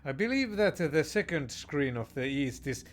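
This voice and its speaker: A man's voice: fairly high pitch, very animated, moderate pace. A man playing a text strategy game. He reads the game text aloud and comments in a hesitant way, with many fillers and restarts and joking mock-tyrant verdicts. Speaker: game player.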